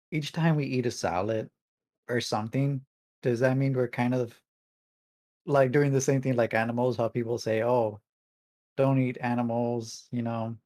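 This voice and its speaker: A man co-hosting a gaming podcast, relaxed and agreeable, musing in casual chat. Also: medium pitch, no echo. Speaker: podcast co-host.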